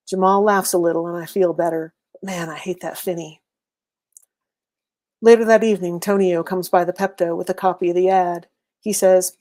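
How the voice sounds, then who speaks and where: A woman reading a first-person serialized story aloud in a steady, wry, conversational way. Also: fairly low pitch, a little fast. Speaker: reader.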